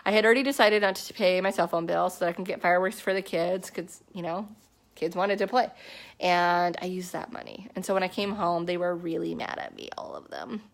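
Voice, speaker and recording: A woman's voice: lowish voice, a little fast, vocal fry. A woman in her thirties telling her personal story to a team in a casual, chatty way, with many fillers and restarts. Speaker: network marketing distributor.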